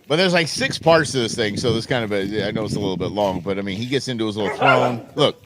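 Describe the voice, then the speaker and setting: A man's voice: fairly low pitch, expressive, quick pace, fairly bright tone, slight background noise. A man hosting a live stream, chatting casually and telling stories with goofy voices for animals. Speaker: livestream host. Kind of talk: casual chat.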